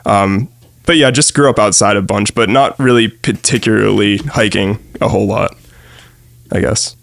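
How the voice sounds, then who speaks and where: A man's voice: lowish voice, moderate pace, creaky, no room sound. A young man from New chatting casually as a podcast guest, rambling with plenty of fillers and easy laughs. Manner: relaxed, rambling with many fillers and frequent laughs. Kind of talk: casual chat.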